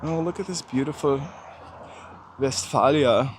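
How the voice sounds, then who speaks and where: A man's voice: mid-range voice, measured pace, slight background noise. A man with a General American accent, hosting a walking livestream outdoors on a city street and chatting casually while answering his viewers' comments. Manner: chatty, musing aloud, answering viewers' chat. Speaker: walking tour livestream host.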